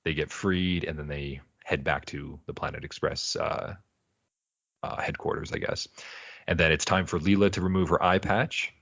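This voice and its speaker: This man has a very deep voice with vocal fry, speaking at a moderate pace on a dry recording with the highs cut off. Co-hosting a podcast, he meanders through a casual episode recap, animatedly acting out characters' lines in put-on voices.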